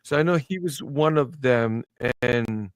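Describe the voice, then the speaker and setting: A man from New York with a Brooklyn accent, hosting a podcast interview and telling stories in a lively, casual way, often tagging on "man" and "right?". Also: medium pitch, measured pace, clear, resonant tone, no echo. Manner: animated storyteller, peppers talk with "man" and "right?". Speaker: podcast host.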